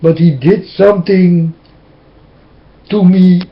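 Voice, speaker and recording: A high-voiced man whose first language is Dutch pleads slowly and with emotion, his talk drifting into preaching. He speaks into a webcam, and the sound comes through dull and lo-fi. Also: fairly even intonation. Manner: impassioned, tearful, repetitive preaching. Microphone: webcam mic.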